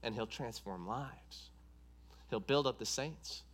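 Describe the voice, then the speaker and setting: A man's voice: medium pitch, slow pace, a bit bright. A man preaching a sermon, driving points home with an emphatic, repetitive cadence.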